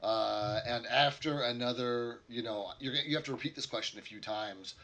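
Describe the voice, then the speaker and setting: A man's voice: mid-range voice, normal speed, sharp tone. A man narrating as game master, rambling with many fillers.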